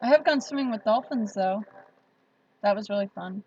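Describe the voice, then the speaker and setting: A woman's voice: mid-range voice, normal speed, darkish tone, dull audio, soft background music. A woman hosting a casual livestream, chatting with viewers and laughing often. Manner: chatty, laughs often, reads out chat comments. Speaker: livestream host.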